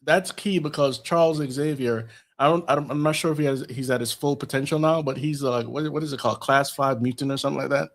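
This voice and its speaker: Speaking at a quick pace with few pauses, this mid-pitched man hosts a podcast where he casually walks through a film's plot. He reads the dialogue aloud in his own voice and uses many fillers.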